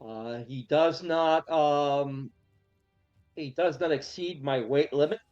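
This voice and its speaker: A man in a tabletop game, working through the rules step by step in a deliberate way. His slightly high voice comes through dull, lo-fi call audio, with faint music behind. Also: darkish tone. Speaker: player. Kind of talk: casual game talk.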